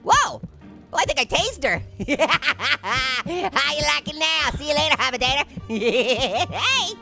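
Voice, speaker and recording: Soft music sits under this heavily acted turn: a let's play host playing a giggly, hyper male cartoon orange who cracks jokes and puns during comedic gameplay. The voice is squeaky and pitched-up, very animated yet slow, creaky, with a sharp tone.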